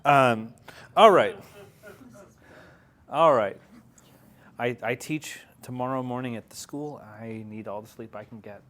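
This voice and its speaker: A man's voice: mid-range voice, a bit bright. Joking man teaching a class. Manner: joking, chatty, laughs often. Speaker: Hebrew teacher.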